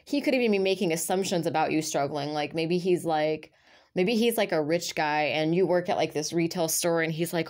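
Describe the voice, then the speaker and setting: A woman's voice: deep voice, a little fast, darkish tone. Rambling woman giving a casual tarot reading. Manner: rambling, filler-heavy and chatty. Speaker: tarot reader.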